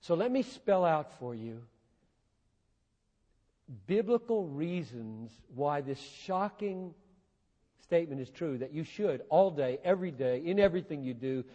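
Impassioned high-voiced male preacher in a hall. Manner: impassioned, swinging between quiet and loud emphasis. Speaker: pastor. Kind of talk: sermon. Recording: long hall reverb.

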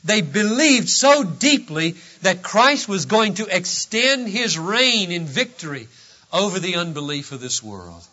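Male pastor, high and piercingly bright voice, emphatic pulpit delivery, muffled lo-fi sermon tape. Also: very animated, a little slow. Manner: emphatic pulpit preaching, swinging between loud and hushed. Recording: dull lo-fi sermon recording.

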